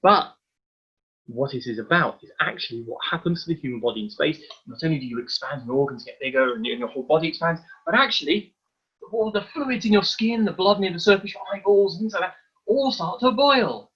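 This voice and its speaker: A man presenting a live online science demonstration for children, explaining each step in a lively, hands-on way. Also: fairly high pitch, fairly quick, slightly rough, highs cut off.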